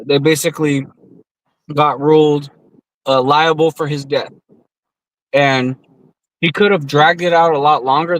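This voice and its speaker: A man's voice: on the high side, poor audio. Profane, rambling man telling a story. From US West Coast. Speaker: podcast co-host. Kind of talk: casual storytelling among friends.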